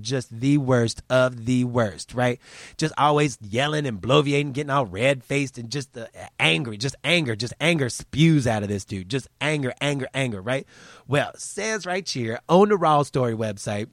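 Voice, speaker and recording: Man, casual profane commentary, mocking, dry close mic, mid pitch. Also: no room sound. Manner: animated, crude, mocking. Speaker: host of a commentary show.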